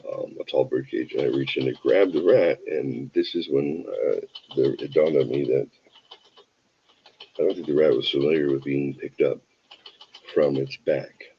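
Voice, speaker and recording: A man's voice: rumbling low, normal speed, lo-fi sound, slight background noise. A tired man hosting a show, telling a rambling, wry, self-deprecating anecdote full of digressions. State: tired from an early start. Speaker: show host. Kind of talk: casual anecdote storytelling.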